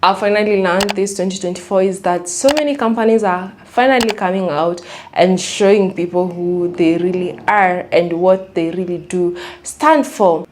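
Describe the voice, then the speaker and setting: A woman speaks in an earnest, steady voice at a middle pitch. She lays out her points evenly, without hurrying. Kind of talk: casual commentary.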